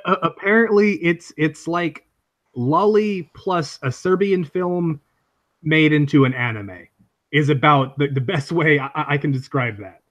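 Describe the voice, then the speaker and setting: A man's voice: a little high, unhurried, a bit bright. A man chatting casually, crude and blunt, often stumbling over repeated words. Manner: blunt, crude, stammers on restarts. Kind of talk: casual chat.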